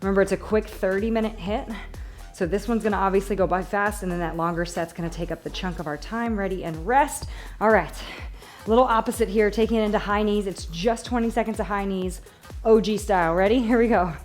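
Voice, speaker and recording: A woman's voice: medium pitch, brisk, a little mellow, faint music behind. A woman leading a workout as fitness instructor, upbeat and encouraging, counting reps and getting out of breath. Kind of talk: live workout coaching.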